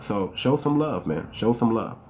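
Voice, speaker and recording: A man's voice: lowish voice, expressive, measured pace, a little mellow, slight background noise. Man rambling through rhetorical questions. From United States. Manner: rambling, repeats phrases, fires off rhetorical questions; calls out to viewers by name. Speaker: livestream host. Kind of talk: casual livestream talk.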